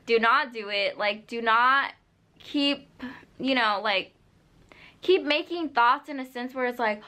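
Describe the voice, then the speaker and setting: A woman's voice: on the high side, slow pace, pushed and bright. A young woman vlogging, giving casual, unscripted advice straight to camera, full of "like" and "you know". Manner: earnest, direct advice-giving.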